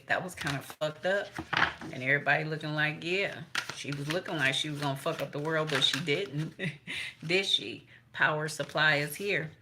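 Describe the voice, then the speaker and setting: A woman's voice: low voice, noisy background. A middle-aged woman giving a casual tarot reading to her viewers, blunt and foul-mouthed, chatting along and quoting people in little voices. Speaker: tarot reader.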